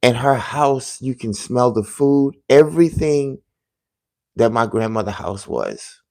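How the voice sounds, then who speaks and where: A man's voice: mid-range voice, sing-song, vocal fry, no echo. Earnest man recounting a dream, dry sound. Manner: earnest, halting, drops to a hushed voice at tense moments. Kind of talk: casual storytelling to viewers.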